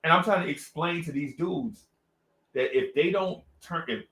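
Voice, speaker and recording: High-voiced man telling a lively story. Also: normal speed, roomy sound. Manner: animated, slangy, acts out voices. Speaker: radio co-host. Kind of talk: casual storytelling chat. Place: radio studio.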